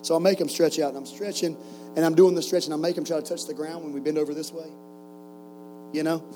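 A man's voice: a little high, steady tone, fast talker, mellow, faint music behind, rough recording. A man in his forties preaching to a camp group, telling stories with jokes and rhetorical questions. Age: 40s. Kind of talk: sermon with stories.

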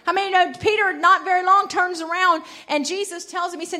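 High bright-voiced woman preaching a sermon. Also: fairly even intonation, a little fast. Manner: emphatic, builds to loud declarations.

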